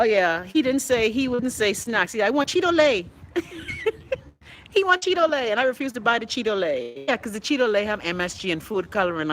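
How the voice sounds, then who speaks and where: A Bahamian woman hosting her own livestream show, telling stories and reading viewer comments in a loud, animated way. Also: fairly low pitch, poor audio. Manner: animated, loud storytelling with bursts of laughter.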